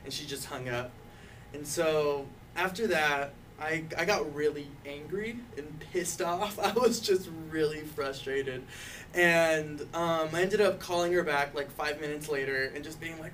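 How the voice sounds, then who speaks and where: Young man, fairly high voice, telling a personal story, loose and chatty with lots of "like", faint room noise. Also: normal speed, fairly bright tone. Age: young adult. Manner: casual, full of "like" and "you know", laughs often. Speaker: youth activist intern. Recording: distant mic, faint background noise.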